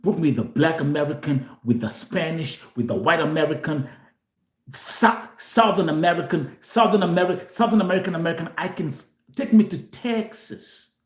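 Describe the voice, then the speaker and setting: Speaking a little fast in a roomy-sounding setting, a Kenyan man hosts a live show with a voice on the high side. He addresses viewers animatedly, switches between Swahili and English, and repeats himself often.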